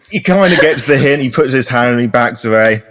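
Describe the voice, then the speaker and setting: A man's voice: mid-range voice, a bit bright. A man running a tabletop game as game master, narrating in a casual, hesitant way.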